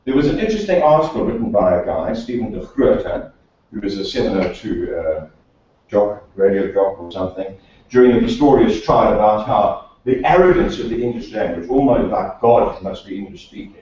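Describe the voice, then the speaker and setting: A man's voice: lowish voice, expressive, normal speed, dark tone. A man from South Africa, a speech and accent coach, giving a prepared talk to a meeting with dry wry humour and rhetorical questions. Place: meeting room of a professional association. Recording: echoey hall, distant dull mic.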